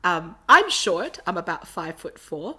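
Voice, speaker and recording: A woman's voice: lowish voice, big pitch swings, unhurried, sharp tone, slightly rough. A woman from Sydney, a podcast guest telling stories animatedly and often laughing. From Australia. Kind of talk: casual storytelling interview.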